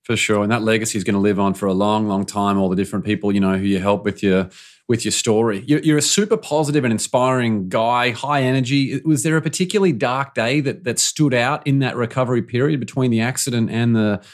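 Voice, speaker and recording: A man hosting an interview, asking calm, encouraging questions. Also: medium pitch, fast talker. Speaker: podcast host.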